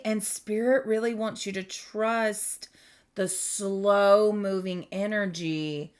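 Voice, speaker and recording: Slow, gentle woman giving a tarot reading. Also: mid-range voice. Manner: rambling, gentle, with many fillers and restarts. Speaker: tarot reader. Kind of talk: spiritual tarot reading monologue.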